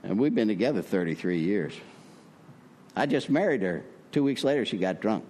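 A man's voice: on the low side, very animated, moderate pace, darkish tone, slight background noise. An older man sharing his story at a recovery meeting, talking in a folksy way with many fillers, his voice rising when he preaches. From Prescott, Arizona. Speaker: recovery speaker.

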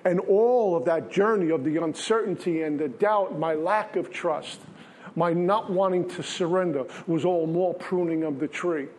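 Earnest higher-voiced man telling a story. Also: normal speed, darkish tone, slight background noise. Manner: earnest storytelling with plain everyday wording. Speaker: recovery meeting speaker. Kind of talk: personal spiritual testimony.

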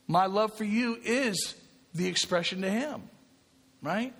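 A man's voice: high voice, a bit bright, slightly rough, long reverb tail. A man giving a spiritual talk to a recovery group, speaking conversationally, often checking in with "right?" and repeating himself.

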